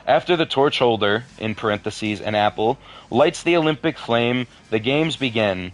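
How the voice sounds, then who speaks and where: Deadpan man reading with wry asides. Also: mid-range voice, normal speed. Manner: deadpan asides, swears in frustration. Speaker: video creator reading a horror story. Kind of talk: casual reading with commentary.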